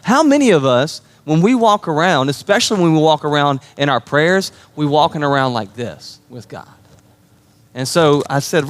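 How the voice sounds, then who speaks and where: A pastor preaches a sermon with a slightly high voice and lively intonation, speaking at normal speed. He tells stories conversationally and keeps checking in with his listeners.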